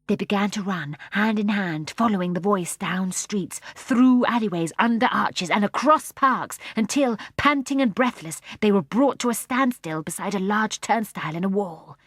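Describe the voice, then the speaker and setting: A woman narrating a children's storybook in a soft, hushed storytelling manner. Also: medium pitch, normal speed, few pauses, no echo, studio quality. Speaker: audiobook narrator.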